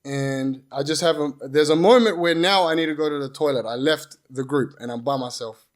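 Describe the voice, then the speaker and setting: A young man, telling his story as a podcast guest in an animated, swearing way. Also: a little high, fairly quick. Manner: animated, swearing, repeats phrases. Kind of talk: casual storytelling.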